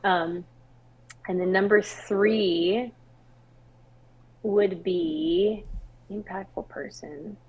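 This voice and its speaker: A young adult woman from Washington State, a singer-songwriter guest telling a personal story in a candid, expressive podcast interview. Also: mid-range voice, extremely slow, pauses often, slightly rough, highs cut off. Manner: candid, expressive storytelling with laughs and quoted dialogue.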